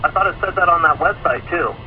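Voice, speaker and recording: Quick-talking man on a phone line. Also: a little high. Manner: brief quick interjections. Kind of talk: casual call-in chat. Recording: thin phone-line audio with hiss.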